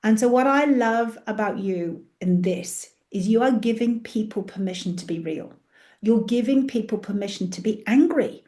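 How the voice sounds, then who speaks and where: A woman's voice: fairly high pitch, moderate pace, warm tone. A woman host talking passionately in an interview from her office, acting out her own prayers as she speaks. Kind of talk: animated faith interview chat.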